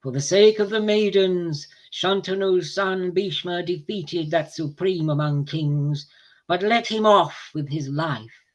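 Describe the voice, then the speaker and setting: A man reading an ancient epic aloud to a group. He reads in a measured, deliberate way and pauses between phrases. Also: sits high. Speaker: reader of scripture to a group.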